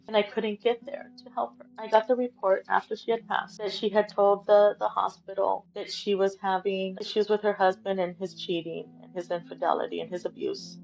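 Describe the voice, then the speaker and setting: A middle-aged woman speaks as an interview guest, telling an emotional family story and quoting the people in it. Her voice has a gravelly, creaky edge. The sound is muffled and lo-fi, with soft music underneath. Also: mid-range voice. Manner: emotional, retells conversations by quoting them.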